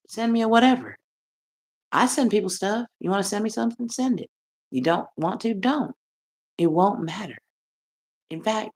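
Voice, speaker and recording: A middle-aged American woman ranting on her livestream, brash and profane, laughing often and swinging between loud and soft. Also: on the low side. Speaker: livestream host. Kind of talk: rambling livestream rant.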